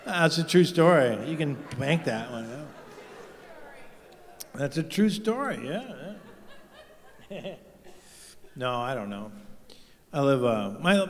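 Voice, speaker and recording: A male stand-up comedian rambles through a crude set in an average-pitched voice, leaning on "you know" between lines. He is heard on a handheld mic in a live show with a long, hanging reverb. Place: live stage show in a large venue. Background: audience laughter.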